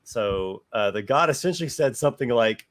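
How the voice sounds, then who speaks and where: A man narrating as a tabletop game master, unhurried and searching for words. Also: mid-range voice, lively intonation.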